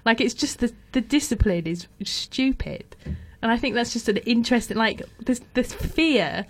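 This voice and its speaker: A woman's voice: a little high, expressive, moderate pace. A young woman telling a story in casual chat, often laughing, with lots of fillers.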